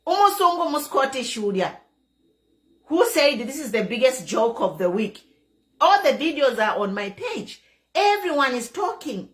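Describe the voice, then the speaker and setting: Zambian lady ranting about politics online, pretty high voice, keeps hammering her points. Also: big pitch swings, normal speed, fairly bright tone. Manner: emphatic, repeats key phrases, mixes in local language. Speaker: online commentator. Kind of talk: impassioned political commentary.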